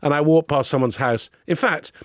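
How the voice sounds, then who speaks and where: A man's voice: a little high, moderate pace, no echo. Middle-aged guy telling a funny story, swears a lot, does the voices, dry close sound. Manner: animated storyteller, swears freely, acts out other people's voices. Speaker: podcast guest. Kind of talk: comic anecdote telling.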